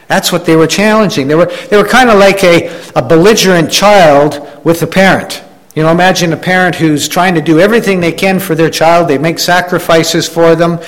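A man with a slightly high voice preaches a sermon in an easygoing, conversational way. He talks it through with the congregation, often restarting his phrases. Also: fairly even intonation, brisk, poor audio. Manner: conversational preaching with frequent restarts and "you know"; acts out quoted complainers in a raised voice. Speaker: pastor.

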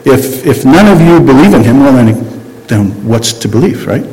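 A man's voice: medium pitch, lively intonation, moderate pace, a little mellow, big-room sound, poor audio. A man giving an informal Bible teaching, talking conversationally with frequent restarts and self-corrections.

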